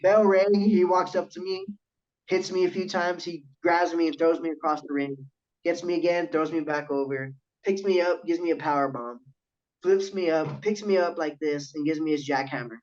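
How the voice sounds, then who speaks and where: Animated young man telling a wrestling story. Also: fairly high pitch, moderate pace. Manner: animated storyteller, swears freely, quotes others in his story. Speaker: guest, professional wrestler. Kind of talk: casual podcast storytelling. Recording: dull lo-fi audio.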